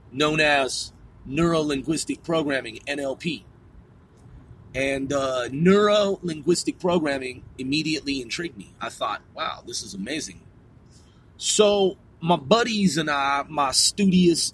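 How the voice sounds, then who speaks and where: A middle-aged man from a small country town, talking to his viewers in a slow, deliberate monologue and repeating and rephrasing himself as he goes. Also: fairly high pitch, fairly bright tone, husky, poor audio. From a small country town on the West Coast. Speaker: channel host.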